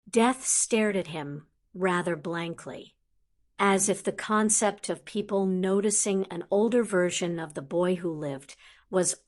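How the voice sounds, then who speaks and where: A woman narrating a fantasy audiobook in an even storytelling manner. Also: mid-range voice. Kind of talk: scripted fiction narration.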